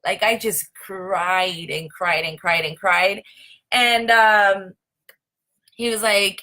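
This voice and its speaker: A woman's voice: medium pitch, slow pace, bright, forceful tone. A young woman hosting a casual live stream, chatty and full of "like" and "um". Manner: chatty, many fillers like "like" and "um". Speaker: host.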